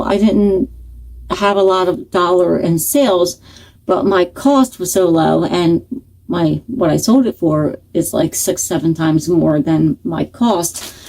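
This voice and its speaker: A woman's voice: fairly low pitch, mellow, rough recording. A woman reseller vlogger chatting casually to camera, rambling and thinking aloud as she talks.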